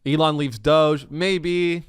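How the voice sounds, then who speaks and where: A man hosting a comedy podcast, delivering a sarcastic, animated monologue full of self-interruptions. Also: a little high, takes it slowly, clean tone, no room sound, clean studio sound.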